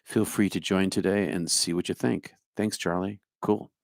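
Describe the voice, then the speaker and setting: A man's voice: sits low, steady tone, moderate pace, creaky, no room sound, studio quality. A middle-aged man with a New Jersey accent, a spiritual speaker answering his live chat by name, musing and humming to himself. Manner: musing, talks to viewers by name, hums to himself. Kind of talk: livestream chat reply.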